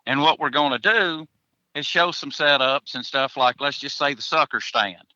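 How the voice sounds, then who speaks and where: A man's voice: a little high, moderate pace, bright, forceful tone, no echo, muffled recording. A man, a hunter chatting as a podcast guest in a folksy, joking way, chuckling between answers. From Tennessee, USA. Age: 40s. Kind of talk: casual podcast interview.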